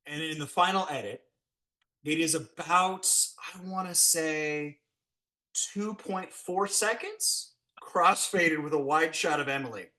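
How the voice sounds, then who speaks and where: A man, a special effects blacksmith, telling set stories in a casual, animated way and acting out what people said. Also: slow pace. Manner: animated, acts out quotes with big pitch jumps. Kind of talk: casual storytelling.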